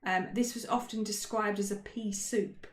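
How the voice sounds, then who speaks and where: A woman's voice: medium pitch, fairly even intonation, normal speed. A woman talks through history on a casual podcast, joking and filling gaps with ums. Her voice sits in a middle register. The room around her is roomy and echoes. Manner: chatty, jokey, many ums and self-corrections. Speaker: podcast co-host. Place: indoor room, shared with co-host. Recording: roomy echo.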